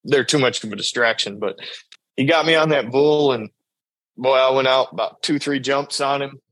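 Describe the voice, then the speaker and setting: A man's voice: mid-range voice, a bit bright, no echo, low-quality recording. A man who rides bulls, telling stories casually in an interview and acting out what others said. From New York state. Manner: drawn-out storytelling, acts out quoted dialogue. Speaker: bull rider guest.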